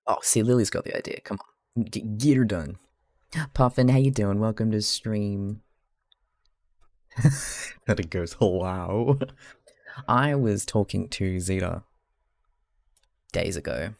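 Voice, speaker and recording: A man's voice: on the low side, measured pace, gravelly, long pauses, no echo. An Australian man who streams live, talking casually and chattily to his chat while he crafts, rambling a little, laughing often and swearing freely.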